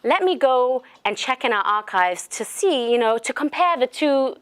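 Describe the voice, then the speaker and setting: A woman voicing an older male head monk in a story, at times crying out in high wails. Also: expressive, normal speed, a bit bright, clear, resonant tone. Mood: reassuring. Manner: high wailing cries. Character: old male head monk, calm then despairing.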